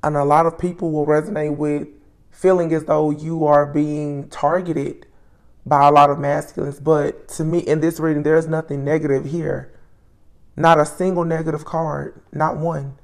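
A woman's voice: low-pitched, little pitch movement, normal speed. Musing woman reading tarot cards. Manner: musing, names cards aloud with soft exclamations. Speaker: tarot reader.

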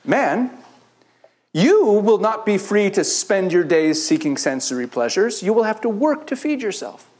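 Animated, high-voiced rabbi teaching scripture. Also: male voice, measured pace. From Israel. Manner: animated storytelling, acts out the biblical characters in quoted voices. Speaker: rabbi teaching a church audience. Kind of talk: sermon-style Bible teaching.

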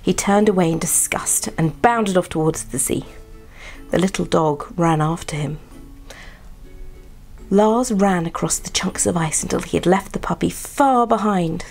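A woman reading a children's bedtime story aloud in a soft, partly whispered voice. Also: fairly low pitch, a little slow, vocal fry, soft background music.

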